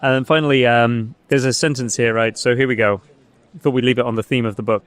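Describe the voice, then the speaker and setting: A man's voice: mid-range voice, steady tone, fast, clean tone, no room sound. A man hosting a book podcast, quizzing his guest with a light, laughing manner, recorded outdoors by a street. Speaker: podcast host and interviewer. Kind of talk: casual interview chat.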